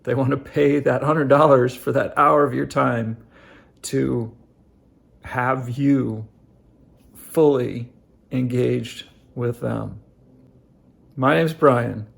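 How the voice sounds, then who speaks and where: Man, middle-aged, heavy vocal fry, mid-pitched, casual reflective talk, halting with fillers. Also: fairly even intonation. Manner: halting, many fillers and restarts; earnest, addresses viewers directly. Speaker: family life vlogger.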